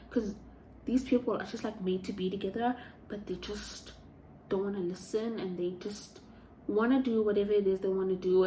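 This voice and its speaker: A woman chats as a book reviewer, chatty and gushing, rambling with many fillers. Her voice sits at a middle pitch. The room has an echo and a faint background hiss. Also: darkish tone. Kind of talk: casual chat. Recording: echoey room.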